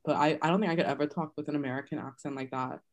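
A woman's voice: low-pitched, steady tone, racing. A young woman with a Canadian-tinged Bahamian accent who thinks aloud in a reflective, chatty way. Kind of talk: casual chat.

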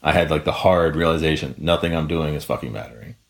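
A young podcast co-host tells a long story casually, swearing plenty and doing quoted voices in an animated, profane retelling. His voice rumbles low with a creaky edge, and he talks fast.

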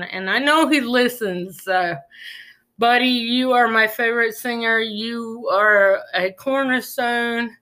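A woman hosts a faith-based podcast, delivering a casual monologue that is earnest and rambling, full of restarts. Her voice sits a little high, with a bright, forceful tone.

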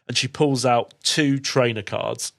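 A man narrates a tabletop role-play as game master. His voice sits at a middle pitch and he keeps a relaxed, jokey manner. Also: measured pace, creaky.

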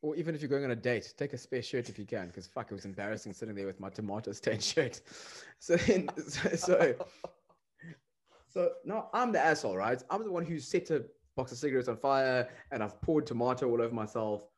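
A man, co-hosting a podcast and telling a story in a loose, animated way, laughing between phrases and repeating words. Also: medium pitch, a little fast. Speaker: podcast co-host. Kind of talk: casual chat.

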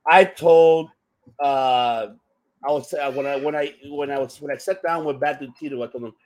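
A man hosting a casual podcast, excitable and swearing freely, calling others bro and man. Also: fairly high pitch, moderate pace. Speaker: podcast host.

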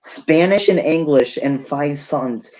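A young podcast co-host with a fairly high, slow, slightly mellow voice tells a rambling story in casual chat, laughing often. The audio quality is poor.

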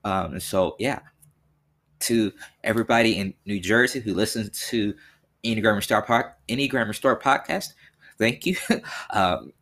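A man's voice: on the low side, normal speed, a bit bright. Rambling young male podcast host. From Tennessee. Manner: rambling, earnest, many fillers and restarts. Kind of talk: solo podcast monologue.

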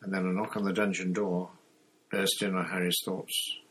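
A man reading a novel aloud in a steady narrating manner, with occasional slips and restarts. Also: low-pitched, moderate pace, husky, poor audio. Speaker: audiobook reader. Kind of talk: storybook narration.

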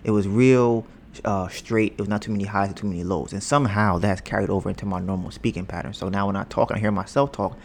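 A young man hosting a casual home podcast, rambling and joking, bragging about his smooth steady voice. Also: fairly low pitch, fast, a little hiss or hum. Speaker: podcast host. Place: home, storm outside. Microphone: podcast mic with headphones.

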